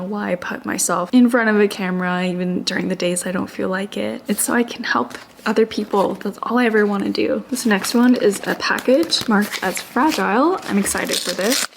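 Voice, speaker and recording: A young woman artist vlogging as she opens fan mail, gushing and breaking into high excited exclamations. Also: a little hiss or hum. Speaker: small business artist and vlogger. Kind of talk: casual vlog voice-over, opening fan mail.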